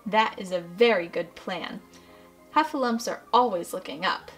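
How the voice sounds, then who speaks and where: A woman's voice: mid-range voice, moderate pace, faint music behind, natural voice. A woman voicing a small, timid male piglet in a storybook reading, with anxious, stammering speech. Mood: excited.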